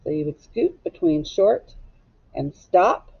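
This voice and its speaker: A woman teacher leads a recorded phonics lesson for young students, speaking slowly and patiently and asking them to echo words back. Her lowish voice is slightly rough, with big pitch swings. The recording sounds slightly dull and lo-fi.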